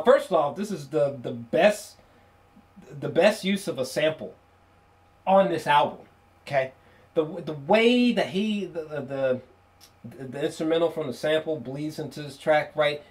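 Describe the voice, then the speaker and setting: Man, slightly high voice, casual album review, excitable, swears a lot, frequent restarts. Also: measured pace. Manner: excitable, profane, laughs often, many restarts.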